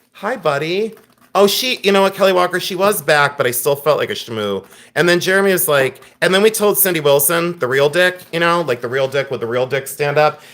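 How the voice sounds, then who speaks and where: Guy running a live sale stream, kinda high voice, chatty, laughs at himself. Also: fairly bright tone. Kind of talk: casual live-stream selling chat.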